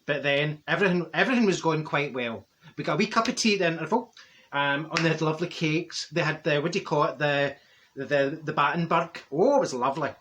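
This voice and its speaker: A man's voice: fairly high pitch, quick pace, fairly bright tone, slight background noise, close to an everyday voice. A man playing a chatty older woman from Glasgow with a Glaswegian Scottish accent, telling a rambling comic story and laughing at his own jokes. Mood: gossipy. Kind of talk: comic character monologue.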